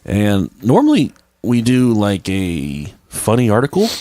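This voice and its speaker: Man, podcast co-host, very low voice, crude profane banter, dry close sound. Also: wildly swooping pitch, unhurried, dark tone, no room sound. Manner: loose, profane and joking. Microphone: podcast microphone.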